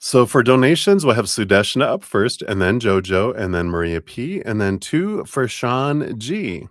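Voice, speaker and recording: A man's voice: medium pitch, big pitch swings, a little slow, dry recording, clean studio sound. A man hosting a live tarot stream, casually greeting viewers by name and thanking them.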